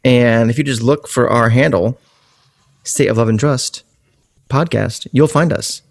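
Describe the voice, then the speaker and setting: Gravelly-voiced jokey male podcast host. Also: mid-range voice. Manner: jokey, rambling, quick asides. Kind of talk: casual podcast chat.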